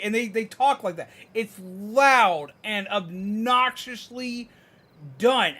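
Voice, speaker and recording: A man's voice: sits high, takes it slowly. A young man streaming a game who rants frankly, swears freely, and mocks people in put-on voices. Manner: animated ranting, mimicking people in mocking voices. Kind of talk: casual livestream rant while gaming.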